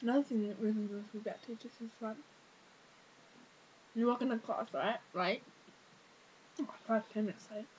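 A woman's voice: a little high, steady tone, moderate pace, pauses often, darkish tone, dull audio, slight background noise. A teenage girl, ranting casually to camera with lots of fillers, exasperated. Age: teens. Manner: exasperated, rambling with many fillers. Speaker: vlogger.

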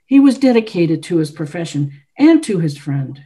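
An earnest young male piano tuner, as a woman reads him from a novel. He keeps his voice controlled and measured. The tone stays mellow. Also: lowish voice, very animated.

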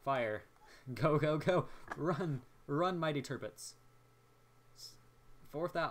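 A young man casually commentating his own naval battle game, excitable and jokey, talking to himself as he plays. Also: fairly high pitch, slow, a little hiss or hum. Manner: excitable, jokey, talks to himself while playing. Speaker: gameplay commentator.

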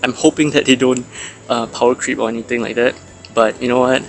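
Gravelly-voiced man talking game stats. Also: mid-range voice, little pitch movement, fairly quick. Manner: chatty, analytical, frequent restarts and fillers. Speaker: mobile game channel host. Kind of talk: casual game commentary.

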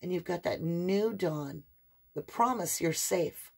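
A woman doing an animated, affectionate tarot reading for her viewers, with sing-song emphasis and a chatty, conversational flow. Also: fairly low pitch, takes it slowly, vocal fry, husky. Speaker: tarot reader. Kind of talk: spiritual tarot reading to camera.

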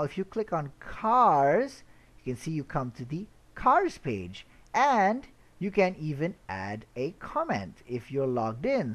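A man explaining website setup step by step in a screen-recorded tutorial, relaxed, with frequent "uh" and "all right?" checks. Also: mid-range voice. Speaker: web tutorial instructor.

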